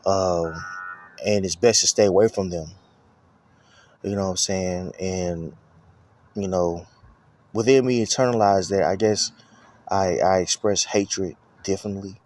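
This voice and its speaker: A man's voice: sits low, steady tone, a little slow, pauses often, a little mellow. A man giving a casual personal testimony, rambling and profane, with lots of filler phrases. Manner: rambling, profane, full of "you know what I'm saying".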